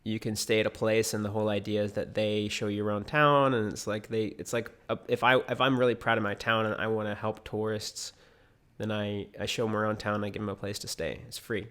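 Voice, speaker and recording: A young man from the United States tells a personal story in a loose, rambling way. He fills the gaps with ums and likes and keeps restarting his sentences. His voice sits a little low. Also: level tone, a little fast, a bit bright. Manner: rambling with many fillers and restarts. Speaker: vlogger. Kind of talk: casual storytelling.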